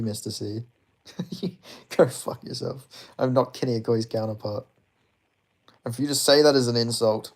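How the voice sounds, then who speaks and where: A man in his twenties chatting casually with his live-stream audience, rambling and swearing as he reads chat. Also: medium pitch. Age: 20s. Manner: profane, rambling, laughs often.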